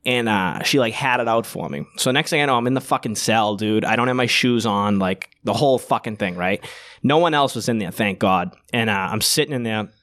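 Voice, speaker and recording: A man's voice: on the low side, fairly quick. A man, casually telling a rambling, profane story, acting out the quotes. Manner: rambling, profane, animated retelling with acted-out quotes.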